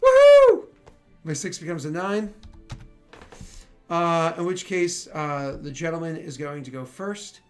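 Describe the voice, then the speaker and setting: A man's voice: on the high side, a little slow, fairly bright tone, soft background music. A man narrating a tabletop role-playing game as game master, casual and full of fillers and restarts. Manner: rambling with many fillers.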